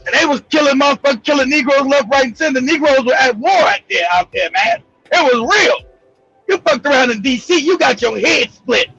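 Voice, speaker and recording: Man, Los Angeles accent, very high voice, bright forceful tone, muffled audio with faint music. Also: fairly quick, vocal fry, no room sound. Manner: profane, animated, laughs often, loud outbursts. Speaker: show host. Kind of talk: storytelling monologue.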